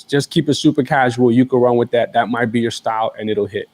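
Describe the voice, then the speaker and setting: A man's voice: medium pitch, fairly quick, few pauses, darkish tone. A man co-hosting a casual chat, giving advice loosely and searching for words as he goes. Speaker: co-host.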